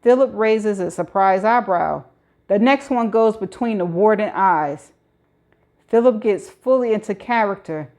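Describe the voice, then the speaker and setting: A woman reading a novel aloud in first person, steady and measured. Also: mid-range voice. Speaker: audiobook reader.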